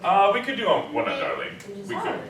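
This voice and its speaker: A man's voice: high voice, wildly swooping pitch, far from the mic, crowd noise. Man teaching diction in an echoey classroom. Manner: explanatory, checks in often with "okay?" and "right?"; sings and chants example lines slowly. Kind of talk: classroom lesson. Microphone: far room recorder.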